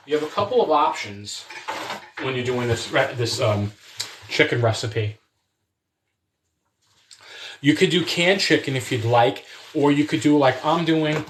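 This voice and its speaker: A man's voice: mid-range voice, slight background noise. A man chatting to viewers in a rambling way while he cooks live in his home kitchen. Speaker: home cook hosting a live cooking stream. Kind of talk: casual live cooking demo with chat.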